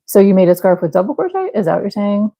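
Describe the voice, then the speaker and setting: A woman's voice: medium pitch, very animated, quick pace, vocal fry, dull audio. A woman from the American Midwest hosting a crochet livestream, chatting casually and apologetically with viewers, rambling with fillers and little laughs as she works. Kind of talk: casual chat with live viewers while crocheting.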